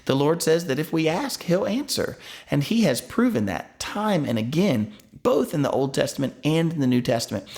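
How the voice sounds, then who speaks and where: A man in his thirties, a pastor, preaching a sermon in a conversational way, asking his listeners questions and restarting words now and then. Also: medium pitch.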